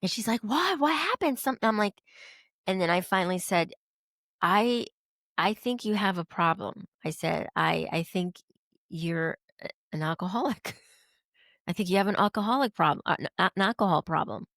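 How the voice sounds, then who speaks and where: A woman with a somewhat low, gravelly voice tells an emotional personal story as a podcast guest. She acts out the lines she quotes with lively swings in tone, and the recording sounds close and dry. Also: normal speed, pauses often, no room sound. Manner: animated, acts out quoted dialogue.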